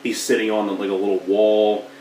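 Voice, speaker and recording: A man talks through a film review in a loose, rambling way, full of filler words, with the odd cough from allergies. His voice sits on the low side. The mic is set well back in a roomy space, with a faint hiss underneath. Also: level tone, moderate pace, dark tone, distant mic. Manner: rambling, lots of "like" and "you know". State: getting over allergies, coughing. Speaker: movie reviewer.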